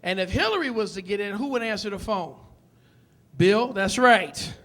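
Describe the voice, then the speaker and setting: Bright, high-voiced stand-up comedian man. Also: animated, normal speed, a little hiss or hum. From Detroit. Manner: loud, punchy delivery that acts out characters. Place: comedy club stage.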